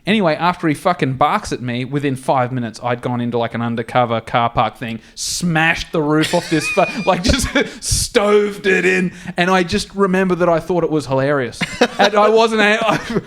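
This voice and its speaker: A man's voice: on the high side, moderate pace, few pauses, slight background noise. A man with an Australian accent telling crude, sweary anecdotes on a comedy podcast. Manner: crude, swearing, animated storyteller. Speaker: podcast co-host. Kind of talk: casual comedy podcast storytelling.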